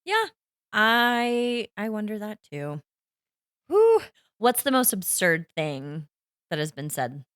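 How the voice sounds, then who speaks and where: A woman co-hosting a podcast in casual chat, expressive and reacting loudly with groans and exclamations. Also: mid-range voice, takes it slowly, clear, resonant tone, dry recording, studio quality. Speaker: podcast co-host.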